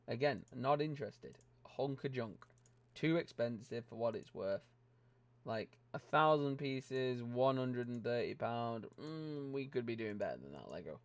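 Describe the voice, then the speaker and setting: A man's voice: mid-range voice, smooth, no echo. Ranting British man, blunt and sweary. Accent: British English. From Britain. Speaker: LEGO channel host. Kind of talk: casual opinionated vlog. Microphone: close desk microphone.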